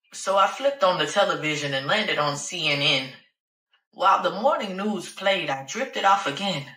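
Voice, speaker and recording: A woman narrates a first-person story in a sassy, profane and conversational way. Her voice is bright and forceful. The recording has a roomy echo. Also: deep voice, recorded from a distance. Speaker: audiobook narrator.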